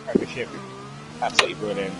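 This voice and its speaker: A man's voice: fast talker, loud music behind the voice. A man, a guest driver, chatting casually and self-deprecatingly about his own racing. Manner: self-deprecating, says mate often. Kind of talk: casual chat.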